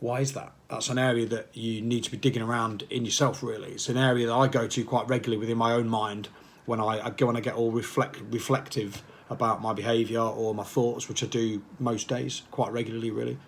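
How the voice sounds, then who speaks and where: A man's voice: mid-range voice, little pitch movement, a little fast, slight background noise. A man, a fitness coach, talking casually and passionately to camera, rambling and firing off repeated questions. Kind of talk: casual motivational talk to camera.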